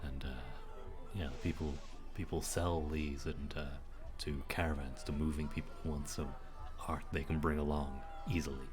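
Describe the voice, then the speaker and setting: A man narrating and playing a tabletop game in a relaxed, rambling way. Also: rumbling low, moderate pace, music in the background.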